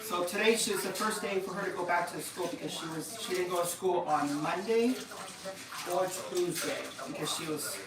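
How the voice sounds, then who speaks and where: A woman's voice: lowish voice, moderate pace, a crowd in the background. Chatty woman live-streaming from home. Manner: chatty and rambling, many fillers and restarts. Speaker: livestream host. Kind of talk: casual live-stream chat. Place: room at home. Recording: echoey room, voice a bit far from the mic.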